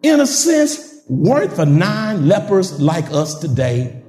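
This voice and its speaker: A male preacher with a high voice that swoops all over its range, delivering a sermon in a long-echoing church hall. He calls out to his congregation with laughing asides and climbs into shouted, sing-song peaks. The sound reaches the mic from a distance, washed in reverb. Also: very animated, slow pace, faint music behind.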